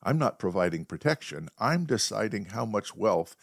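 A man voicing a male guard dog in a quiet but firm way, within a spoken story. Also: on the low side, very animated, normal speed, vocal fry, no echo, clean studio sound, exaggerated voice. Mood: quietly firm. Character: armed guard dog, calm and menacing, male.

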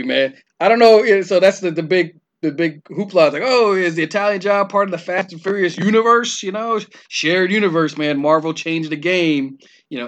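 A man with a bright, slightly high voice talks through an action movie's plot in a loose, casual recap. He rambles, restarts his sentences and keeps dropping "you know" and "man" as he goes. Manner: rambling, filler-heavy, says "man" often. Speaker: movie reviewer.

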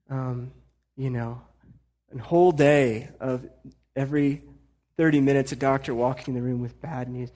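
A man's voice: mid-range voice, slightly rough. A man preaching a sermon in a conversational way, at times building to emphatic urging. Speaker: pastor.

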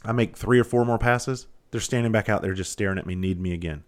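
A man's voice: fairly low pitch, fast talker. A middle-aged man hosting a podcast, talking through a candid, rambling story with plenty of swearing. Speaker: podcast host. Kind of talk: candid monologue.

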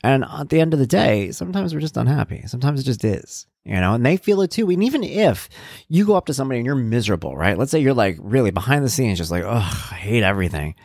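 A man's voice: medium pitch, very animated, quick pace, creaky, darkish tone, no room sound, clean studio sound. A man hosting his own podcast, talking casually and rambling through his thoughts with plenty of fillers. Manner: rambling, conversational, thinks aloud with fillers. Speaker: podcast host. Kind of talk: casual solo podcast monologue.

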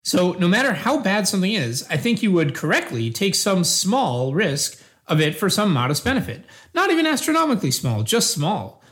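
A man takes the role of a patient, measured, earnest defender of utilitarianism in a scripted philosophical exchange. Though calm in mood, his voice sits high, a bit bright and exaggerated, with huge swings in pitch.

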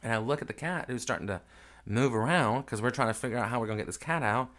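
A grieving man hosting his podcast, telling a raw, emotional family story with a lot of swearing, moving between hushed sorrow and loud, excited retelling. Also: mid-range voice, fast. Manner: candid and profane, swings from hushed grief to loud excited retelling. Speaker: podcast host.

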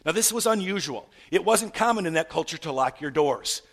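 Storytelling preacher man, fairly high voice. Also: lively intonation, brisk, creaky. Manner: storytelling, stammers 'and, and, and', rhetorical questions, swings from loud to hushed. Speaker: pastor. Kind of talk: sermon.

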